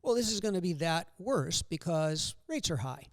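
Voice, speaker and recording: Older male guest, gravelly and fairly high, upbeat joker, dry close sound. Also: animated, normal speed, no echo. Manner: joking, upbeat storyteller. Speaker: guest loan officer. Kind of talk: casual podcast storytelling.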